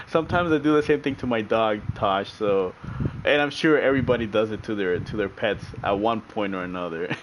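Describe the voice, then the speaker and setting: A man's voice: fairly low pitch, normal speed, slight background noise, low-quality recording. A man streaming sim racing, chatting casually with his viewers, laughing often and repeating himself as he talks.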